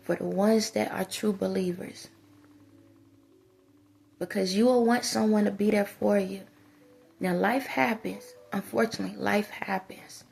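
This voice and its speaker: A woman with a gravelly, husky voice lectures her viewers like a spiritual advisor. She scolds them and drives each point home through repetition. Faint music plays underneath. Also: mid-range voice, fairly even intonation, measured pace, long pauses, a little mellow. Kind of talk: preachy monologue to viewers.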